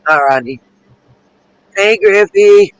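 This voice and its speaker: A woman with a medium-pitched, animated voice hosts a laid-back livestream, though the recording has its highs cut off. She chats with viewers, answers their incoming comments, speaks right to them, and lets her asides run long.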